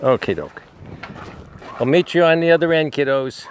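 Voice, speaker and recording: A man's voice: on the high side, lively intonation, normal speed, slight background noise. A man who rescues animals, talking casually to the camera and coaxing his dogs outdoors with repeated calls. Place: outdoor dog yard.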